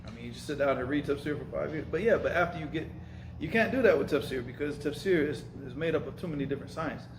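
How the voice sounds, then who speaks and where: A man's voice: fairly high pitch, fast talker, roomy sound, noisy background. A man teaching an informal lesson, speaking casually and emphatically, repeating himself and mixing in Arabic terms. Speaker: Arabic and Islamic studies teacher. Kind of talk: informal lesson with live questions.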